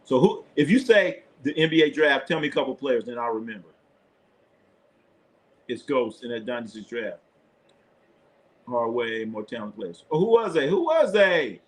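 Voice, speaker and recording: A man's voice: mid-range voice, sing-song, normal speed, pauses often. A man hosting a live sports stream, talking loosely in casual chat, blunt and profane, laughing often. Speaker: sports show host.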